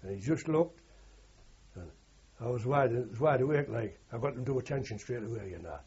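Brief: older man, war veteran interviewee, husky dark voice, anecdotal rambling, old lo-fi recording. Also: mid-range voice, lively intonation, fairly quick. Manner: rambling anecdotal, frequent "you know" and "like". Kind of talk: oral history recollection.

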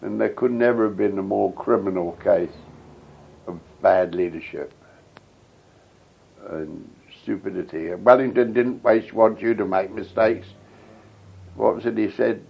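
A man's voice: on the low side, measured pace, vocal fry, pauses often, slightly rough, muffled recording. An elderly man with a rambling, reminiscing way of telling stories, interviewed for an oral history. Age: older. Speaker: veteran interviewee.

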